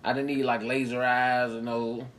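A man's voice: mid-range voice, little pitch movement, normal speed. Profane, laughing man ranting in casual chat. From United States. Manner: loud, profane, laughing rants. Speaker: podcast co-host.

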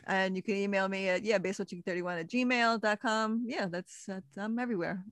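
A woman co-hosts a casual podcast. She speaks in a playful, teasing way, often laughing, with her voice at a middle pitch. The sound is dry and close. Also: fairly quick, no room sound. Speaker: podcast co-host.

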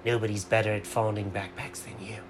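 A man's voice: fairly low pitch, level tone, a little fast, a little hiss or hum, voice pushed down, natural voice. A man voicing an earnest, slightly exasperated man searching for lost backpacks in a bedtime story. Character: flustered man who lost his backpacks.

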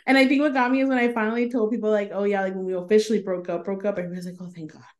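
A woman's voice: medium pitch, steady tone, rapid-fire, a little mellow, dull audio. A woman in her thirties co-hosting a podcast, telling stories in casual chat and acting out the quoted lines with laughs and swearing. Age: 30s. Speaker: podcast co-host.

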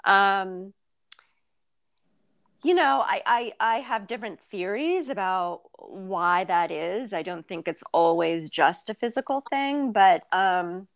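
A woman's voice: medium pitch, animated, slow. A woman in her fifties, a writer being interviewed, talking candidly and thoughtfully with many fillers and restarts. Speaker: guest, writer and blogger. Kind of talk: casual interview conversation.

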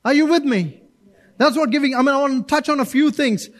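Preaching to his church, this high-voiced pastor keeps things lively and conversational. He animatedly shifts between brief impersonations and speaking straight to the congregation.

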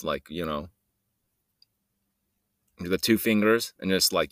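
A man's voice: low-pitched, moderate pace, pauses often, a bit bright, no room sound, studio quality. A man hosting a solo podcast, rambling and joking in a meandering way and trailing off mid-sentence. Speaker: podcast host.

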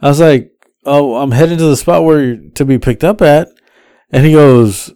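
A man's voice: a little high, moderate pace, mellow, smooth, no room sound, clean studio sound. A man, casually telling a rideshare story as a podcast co-host, acting out his passengers' lines in raised voices.

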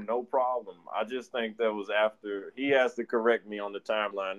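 A young adult man from Detroit, co-hosting a casual podcast, telling stories with lots of laughter and acted-out quotes. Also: on the low side. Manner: animated storyteller, laughs often, acts out quotes. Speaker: podcast co-host. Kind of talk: casual storytelling chat.

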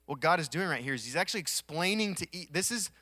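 A man preaching a sermon in a conversational way, swelling to emphatic peaks and dropping to quiet asides, with touches of humor. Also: a little high, animated, quick pace, dry recording, clean studio sound. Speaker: pastor.

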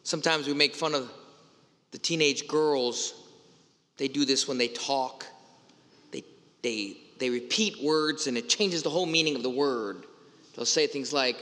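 Guy preaching sunday homily, chatty storyteller, bright high-ish voice, big church echo. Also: lively intonation, slow, long pauses. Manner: conversational, storytelling preacher with playful asides. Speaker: pastor.

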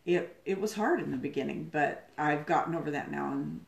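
A reflective woman chatting as a guest, with a quietly self-deprecating way of talking. Her voice is notably low, and it sounds roomy and echoey. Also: brisk, gravelly, a crowd in the background. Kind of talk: casual conversation.

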